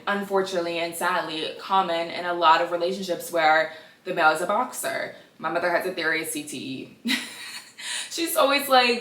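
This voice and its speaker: Chatty twenty-something woman dishing gossip, bright voice, roomy echo, bit far from the mic. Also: on the low side. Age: 20s. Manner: chatty, animated, sassy asides. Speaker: podcast host. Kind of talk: casual gossip commentary. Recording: echoey room, a bit off-mic.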